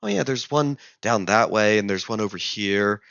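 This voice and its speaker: A man's voice: fairly low pitch, normal speed, gravelly, fairly bright tone, clean tone, no room sound, lo-fi sound. A man doing a breezy head teacher. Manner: breezy, matter-of-fact. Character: offhand male head teacher, breezy and matter-of-fact.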